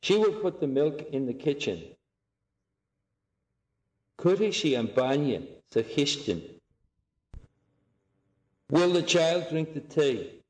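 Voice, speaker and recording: A man teaching a language lesson, saying each phrase slowly and clearly and repeating it for learners to copy. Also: fairly high pitch, darkish tone, reverberant.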